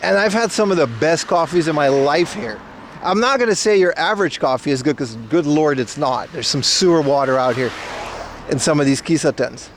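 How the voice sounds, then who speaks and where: A man's voice: fairly high pitch, animated, brisk, a little hiss or hum. A young man chatting casually and joking with his viewers on a livestream, recorded outdoors in a city. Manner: joking, banter with chat. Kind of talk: casual IRL stream chat.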